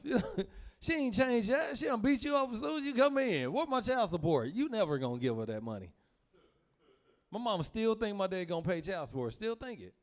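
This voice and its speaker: A young man telling stand-up stories, animated and laughing through his lines as he acts out his family. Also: sits high, a little fast. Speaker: stand-up comedian. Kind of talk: stand-up storytelling.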